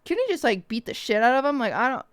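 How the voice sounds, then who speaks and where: A woman streamer telling a story to her chat in a casual, animated way, swearing often and acting out the voices of people she quotes, with hiccups. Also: fairly high pitch, quick pace, a little hiss or hum.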